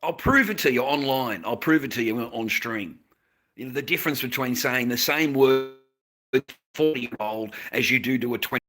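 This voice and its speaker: Male streamer, bright tense voice, rambling profane rant at his desk mic. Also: mid-range voice, normal speed. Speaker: live streamer. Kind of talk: casual live-stream rant.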